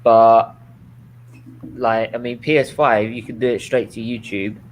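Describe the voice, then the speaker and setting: A man's voice: mid-range voice, fairly even intonation, measured pace, slight background noise. A man chatting casually on a video call, blunt and trailing off. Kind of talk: casual chat.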